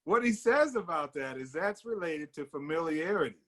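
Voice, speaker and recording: A man's voice: a little high, animated, normal speed. Man, discussion leader, casual and reflective, plenty of ums and restarts. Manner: thoughtful, many fillers and restarts.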